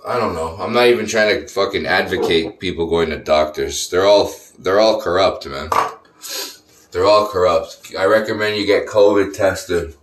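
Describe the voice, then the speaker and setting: A man's voice: sits low, moderate pace, a little hiss or hum. Profane rambling man in his thirties. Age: 30s. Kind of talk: casual ranting monologue. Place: room in an apartment complex. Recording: echoey room.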